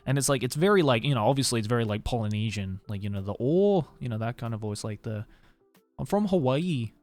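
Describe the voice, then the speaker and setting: A man's voice: fairly low pitch, rapid-fire, soft background music. A young man with an Australian accent chatting casually with his live-stream viewers, loose and rambling, swearing and laughing often.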